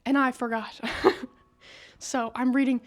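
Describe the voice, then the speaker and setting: A woman's voice: high-pitched, flat delivery, measured pace. Slangy, profane woman recapping a story. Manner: slangy and profane, says bruh and brother. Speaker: story recap video host. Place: indoor room with a whiteboard. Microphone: broken microphone.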